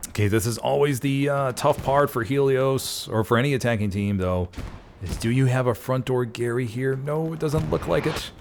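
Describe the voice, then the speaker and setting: A man casting a competitive online shooter match play-by-play, folksy and excitable, jumping up in pitch at big plays. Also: moderate pace, slight background noise. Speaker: esports caster. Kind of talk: play-by-play game commentary.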